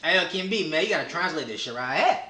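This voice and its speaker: Male interviewer, brisk casual questions, rather high voice, roomy sound. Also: animated, pushed and bright, faint music behind. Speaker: host. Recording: echoey room.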